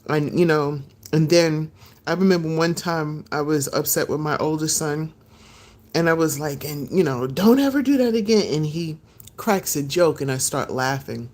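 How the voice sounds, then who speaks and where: A middle-aged woman chatting casually and live with her viewers from her porch, relaxed and quick to laugh, eating as she talks. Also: sits low.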